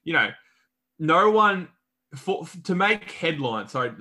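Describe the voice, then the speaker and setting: A man's voice: fairly high pitch, very animated, takes it slowly, sharp tone. A young Australian man co-hosting a podcast, chatting casually and bluntly about sport, with a bit of swearing and lots of restarts. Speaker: podcast co-host.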